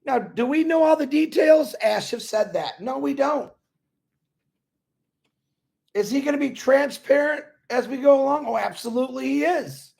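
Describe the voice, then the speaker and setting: A man gives a rambling, earnest pep talk and keeps coming back to the same points. His voice sits high for a man and has a gravelly edge. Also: animated, normal speed, a little mellow. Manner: earnest, rambling, repeats himself. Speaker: company supporter talking to members. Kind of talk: casual motivational talk.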